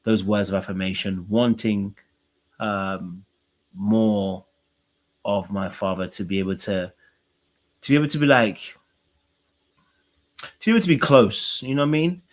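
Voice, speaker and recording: A man's voice: on the low side, unhurried, pauses often. A man hosting a podcast and working as a coach, sharing his own feelings openly and earnestly with lots of fillers. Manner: earnest, open, emotional sharing with many fillers. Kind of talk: podcast interview.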